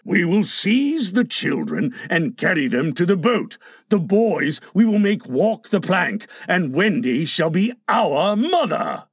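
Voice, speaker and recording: A man voicing a menacing, brooding pirate captain in a low, theatrical voice for a storybook reading. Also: very animated, slow pace, breathy edge, no echo, clean studio sound, exaggerated voice. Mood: scheming. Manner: theatrical, booming when angry.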